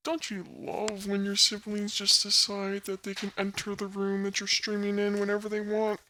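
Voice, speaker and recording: A woman's voice: medium pitch, completely flat delivery, moderate pace, background noise. A woman chatting casually to her live stream chat from her room at home, laughing often and talking to viewers. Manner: giggly, chatty, talks to chat. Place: bedroom at home.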